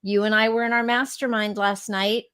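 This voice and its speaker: A middle-aged woman co-hosting a casual chat, telling stories in an animated way and acting out quotes. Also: medium pitch, moderate pace, clear, resonant tone. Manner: animated storyteller, laughs often, acts out quotes. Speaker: podcast co-host.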